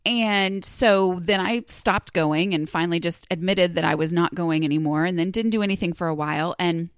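A woman's voice: fairly low pitch, moderate pace, clear, resonant tone, no echo, clean studio sound. A woman in her forties hosting a podcast, talking in a chatty, self-deprecating confessional way with many ums and asides. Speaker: podcast host. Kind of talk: casual confessional monologue.

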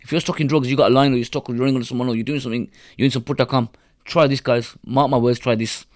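A man's voice: mid-range voice, fairly even intonation, very fast. A man telling a story and giving advice in an emphatic, repetitive way, full of street slang.

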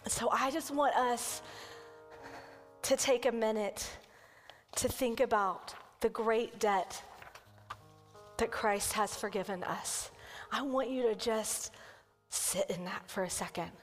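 Woman preacher, earnest sermon delivery, slightly high voice, echoing sanctuary. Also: soft background music. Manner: earnest, slows down to lead breathing prayer. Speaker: kids' pastor. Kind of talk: sermon storytelling, then guided prayer. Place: church sanctuary. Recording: church hall with long reverb.

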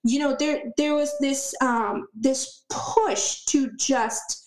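High-voiced woman in an echoey room. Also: slow, a little mellow. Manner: emphatic, repeats words for stress. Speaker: podcast guest. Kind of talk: casual conversation.

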